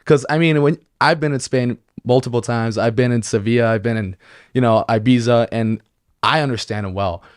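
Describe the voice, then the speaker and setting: Podcast guest, man from Mexico, easygoing and slangy, quick to laugh, plain mid voice, dry studio sound. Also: mid-range voice, clean tone, no room sound. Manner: laid-back, slangy, says bro and like a lot, laughs easily. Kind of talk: casual chat.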